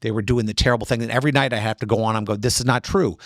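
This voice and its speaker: Gravelly middle-aged attorney telling a story. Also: male voice, lowish voice, racing, dry recording, clean studio sound. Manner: animated, acts out other voices in quotes. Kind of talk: casual storytelling interview.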